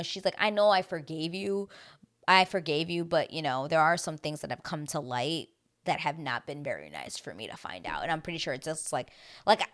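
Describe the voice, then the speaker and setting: A woman giving a casual, chatty recap of a reality show, talking animatedly and filling her sentences with "like.". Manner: animated, heavy use of "like", dramatic swings in pitch and loudness.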